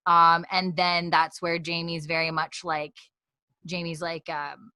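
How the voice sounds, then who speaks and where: Woman, podcast co-host, animated retelling, quick character voices, bright tone, dry sound. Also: low voice, no echo. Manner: acts out the characters' lines in quick put-on voices. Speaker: podcast co-host recapping an episode. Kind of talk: casual chat, animated retelling.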